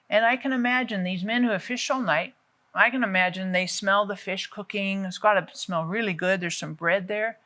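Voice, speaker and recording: A woman in middle age teaches from the Bible in a relaxed, conversational way. Her voice is bright and clear, at an ordinary pitch. She tells the story with animation and acts out what the people in it say. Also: normal speed. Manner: lively storytelling, acting out quotes.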